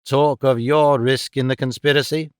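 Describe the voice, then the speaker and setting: A man's voice: medium pitch, fairly even intonation, moderate pace, clean tone, dry recording, close to an everyday voice. A man reading an audiobook, voicing a cold, domineering older moneylender with a curt, dry and emphatic delivery. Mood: cold scorn. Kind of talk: audiobook character voice.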